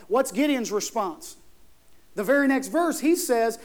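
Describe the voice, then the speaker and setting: A man's voice: very high-pitched, expressive, a little slow. A man preaching a sermon in a conversational, emphatic way, putting questions to his congregation. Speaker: pastor.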